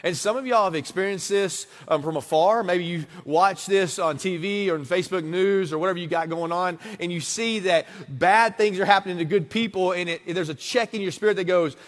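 A man in his thirties preaching a conversational sermon, moving between hushed asides and emphatic passages. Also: sits high, brisk, few pauses. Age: 30s. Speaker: pastor. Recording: long hall reverb.

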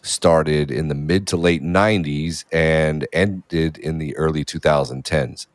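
A man in his thirties with an extremely deep voice talks in a relaxed, casual way. He is blunt and profane and laughs easily. The sound is dry and close, with no room echo. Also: a little slow. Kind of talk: casual chat.

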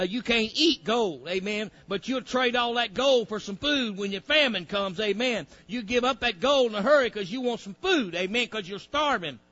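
A man's voice: high voice, bright, forceful tone, muffled recording. A male preacher, delivering a fiery sermon with folksy grammar, directing a reader and acting out pleading voices.

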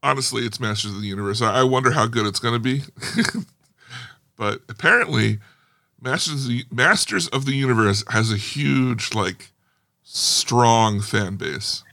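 A man co-hosting a podcast, reading the news and cracking dry, deadpan jokes. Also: medium pitch, normal speed, gravelly, no echo. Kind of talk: casual chat.

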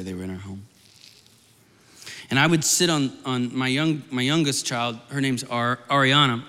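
A man's voice: medium pitch, sharp tone. A man preaching a sermon to a gathered audience, telling a personal story in a rambling, fervent way with many restarts. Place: large hall before an audience. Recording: long hall reverb.

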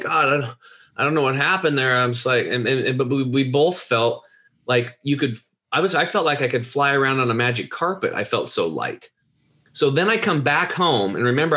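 A man's voice: medium pitch, sharp tone. A man telling a personal story in casual, earnest speech, rambling with restarts and repeated words.

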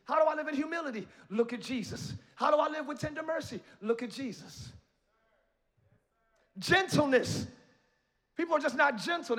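High, bright-voiced preaching pastor. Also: male voice. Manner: preaching with rising shouts and playful asides. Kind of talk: sermon. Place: church sanctuary.

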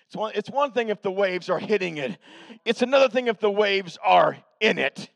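A man preaching a revival sermon as pastor, shouting with emphasis and then dropping to a hush. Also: high voice, expressive, moderate pace, gravelly, no room sound. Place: church sanctuary.

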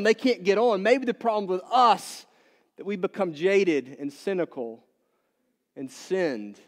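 A pastor giving a sermon, asking the congregation many questions and moving between loud emphatic bursts and quiet low asides. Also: male voice, very animated, measured pace. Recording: long reverb in a large hall.

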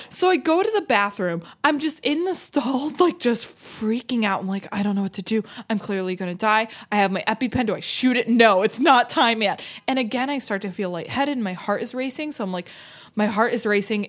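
A woman's voice: on the high side, brisk. A young woman in her twenties telling a personal story in casual chat, laughing often and acting out what people said. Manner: animated, laughing, acts out quoted voices, many fillers.

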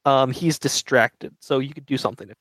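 A man's voice: medium pitch, steady tone, normal speed, fairly bright tone, dry recording, rough recording. A man running a tabletop game as game master, narrating in a casual, loose way. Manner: casual, loose, laughing often.

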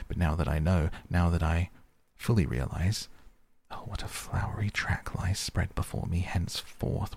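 A man voicing a vain male toad in a storybook reading, murmuring in a dreamy monotone. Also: low-pitched, creaky, husky, full character voice.

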